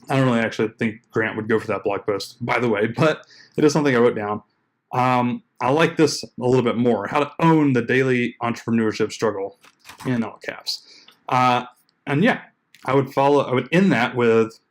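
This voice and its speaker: A man's voice: medium pitch, fairly quick. A man coaching bloggers in a loose, conversational way, with lots of likes and uhs, playing out the emails he quotes. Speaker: blogging coach and podcast host. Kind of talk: casual tutorial talk.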